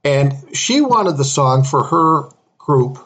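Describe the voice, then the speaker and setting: A man's voice: on the high side, slow pace, husky. A middle-aged man, a music manager, telling a profane story casually, laughing often and acting out what others said. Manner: profane, animated, laughs often, acts out other people's lines.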